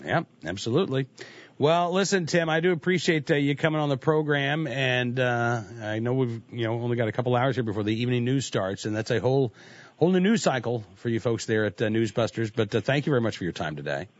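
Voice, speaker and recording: A man's voice: medium pitch, lively intonation, fast, no echo. A man hosting a talk radio show, commenting with sarcasm and mocking the quotes he reads. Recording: dull lo-fi sound, dry.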